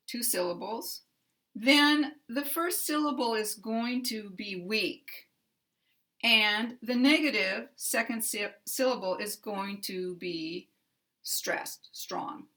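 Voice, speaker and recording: An American woman teaching English pronunciation, slowly pronouncing and repeating single words with careful articulation. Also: medium pitch, pushed and bright. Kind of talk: slow, deliberate pronunciation lesson.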